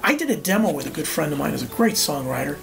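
An older man, a musician and arranger, telling animated stories as a guest in a podcast interview and acting out the voices of people he quotes. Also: on the high side, quick pace, creaky, over music.

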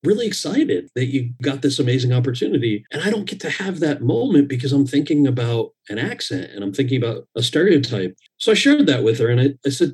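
A man, an actor, telling a personal story in casual, animated talk and quoting others in dialogue. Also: mid-range voice, fast, hardly any pauses, breathy edge.

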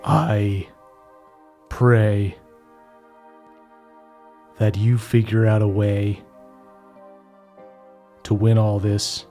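A man's voice: fairly low pitch, flat delivery, mellow, faint music behind. A man doing a weary, doomed father. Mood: resigned. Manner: solemn, resigned, halting. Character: weary middle-aged father bound to dark powers.

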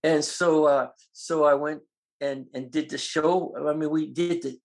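Gravelly older man telling stories. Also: a little high, unhurried. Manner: animated, acts out quoted voices. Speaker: guest. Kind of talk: storytelling in an interview.

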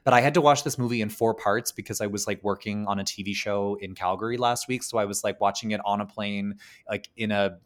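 A man's voice: lowish voice, fairly even intonation, fairly quick, few pauses. A man co-hosting a podcast, chatting casually about films, with lots of "like" and "um" and the odd swear word. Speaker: podcast co-host. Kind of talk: casual film discussion.

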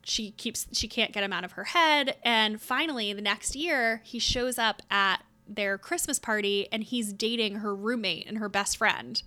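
Chatty young woman with a bright voice. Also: medium pitch, normal speed, hardly any pauses. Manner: chatty, upbeat, many filler words. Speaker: podcast co-host. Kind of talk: casual chat about books.

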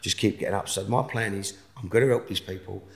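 A man speaking as a podcast guest, earnest and forceful as he talks about helping others. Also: fairly low pitch, steady tone, quick pace, creaky. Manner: earnest, forceful motivational talk. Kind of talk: casual interview chat. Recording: roomy echo.

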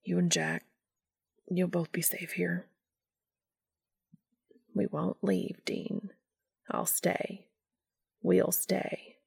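A calm, gentle man, as a woman puts him on, murmuring quietly and soothingly. His voice is lowish and slow, with a gravelly, breathy texture. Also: exaggerated voice. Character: calm, gentle man, steady and soft-spoken.

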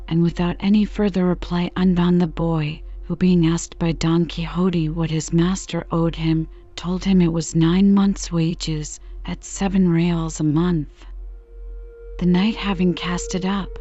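A woman narrating a classic novel in a calm, soothing bedtime reading. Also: lowish voice, lo-fi sound. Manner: calm, even, unhurried.

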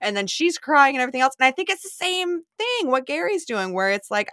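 A woman co-hosting a podcast in an animated, chatty way. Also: high-pitched, brisk, hardly any pauses, no echo, clean studio sound. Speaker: podcast co-host. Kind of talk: casual recap chat.

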